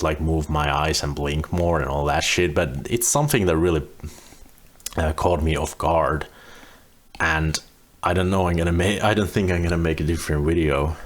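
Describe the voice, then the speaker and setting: A man in his thirties talking candidly to camera in a casual vlog, swearing freely as he goes. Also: extremely low pitch. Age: 30s. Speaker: vlogger.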